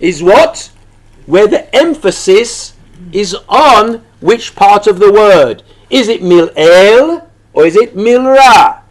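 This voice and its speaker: A man's voice: sits high, expressive, takes it slowly. A man, a rabbi, teaching a text study lesson. He reads passages aloud, translates them, and asks questions that he answers himself.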